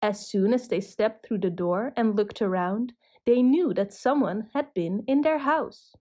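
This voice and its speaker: A woman narrating a children's cartoon story in a gentle, measured way. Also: mid-range voice.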